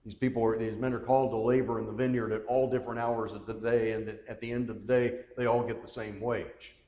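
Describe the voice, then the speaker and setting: A man's voice: mid-range voice, level tone, brisk, mellow, muffled recording. A man leading a Bible study, reading scripture aloud and asking the group questions. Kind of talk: teaching a Bible class. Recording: echoey room with long reverb.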